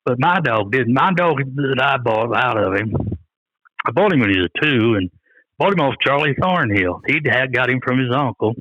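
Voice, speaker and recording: A man's voice: medium pitch, lively intonation, normal speed, fairly bright tone, no echo, lo-fi sound. An older man telling rambling, folksy stories in an interview, often quoting what others said. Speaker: guest, coon hunter. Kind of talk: storytelling in an interview.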